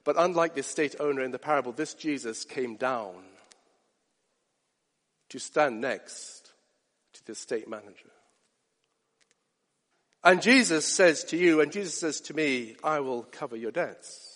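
A man preaching a sermon, earnest, moving from hushed asides up to rising emphatic peaks. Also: fairly high pitch, animated, unhurried, long pauses, big-room sound.

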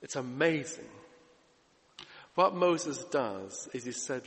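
A man preaching a sermon, emphatic, moving between loud urgent lines and hushed ones. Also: medium pitch, expressive, slow pace, creaky, long pauses. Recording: reverberant hall.

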